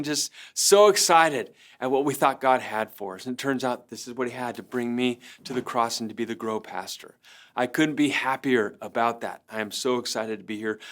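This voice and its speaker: A middle-aged man, a pastor, telling an earnest personal story with lively swings from excited highs to soft, low moments. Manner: earnest storytelling, voice rising when excited and dropping low for quiet lines. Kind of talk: personal testimony talk.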